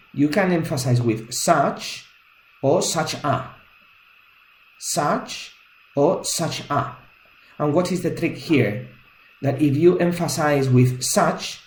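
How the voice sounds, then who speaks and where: Slow, patient male English teacher. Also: fairly high pitch, darkish tone, reverberant, poor audio. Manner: patient, explains step by step. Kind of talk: grammar lesson.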